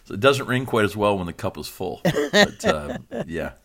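A man's voice: mid-range voice, sing-song, normal speed, creaky, a bit bright. A man, a pastor hosting a podcast, chatting casually and joking with his co-host, often laughing. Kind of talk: casual chat.

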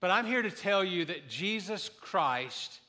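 A man's voice: sits high, expressive, unhurried, pushed and bright. A male pastor giving a sermon in a church sanctuary, telling jokes and then building into emphatic preaching.

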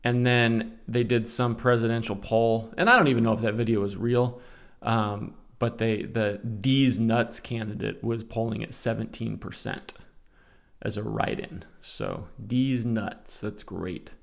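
A man's voice: fairly low pitch, fairly even intonation, a little slow, vocal fry. A man in his forties hosting a casual solo podcast, reading out comments and adding sarcastic commentary. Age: 40s. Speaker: podcast host.

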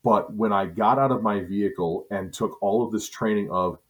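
A middle-aged man from Wisconsin, telling stories in a relaxed, chatty way on a podcast. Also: lowish voice, normal speed. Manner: relaxed, chatty storyteller with asides and self-corrections. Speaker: podcast co-host. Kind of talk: casual storytelling.

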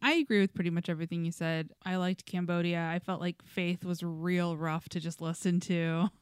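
A woman co-hosts a podcast, relaxed and frank as she chats casually about music. Her voice is fairly low, clear, and resonant, delivered at a moderate pace in clean studio sound with no room noise.

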